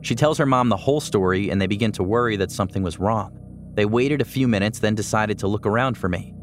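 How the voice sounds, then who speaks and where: A deep-voiced man reads a first-person story aloud. His delivery is steady and measured, like scripted narration. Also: a little hiss or hum. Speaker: podcast narrator.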